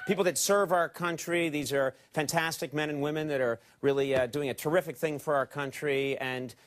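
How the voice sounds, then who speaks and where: A man hosting a late-night talk show, leading a brisk, joking backstage tour of the TV studio with mock-bossy banter. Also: a little high, steady tone. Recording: loud crowd and noisy ambience.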